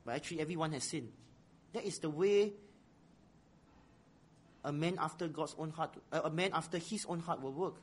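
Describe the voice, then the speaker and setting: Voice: medium pitch, moderate pace, pauses often, husky. A preacher giving a sermon, posing rhetorical questions and repeating phrases for emphasis.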